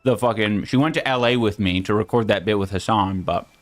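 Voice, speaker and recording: A man's voice: on the low side, fairly quick. A man talking casually and a little hesitantly in a video clip. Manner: conversational, hesitant.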